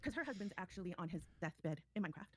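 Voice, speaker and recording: A woman's voice: fairly low pitch, lively intonation, fast talker, slight background noise. A woman on a casual livestream explaining herself in a defensive, self-justifying way.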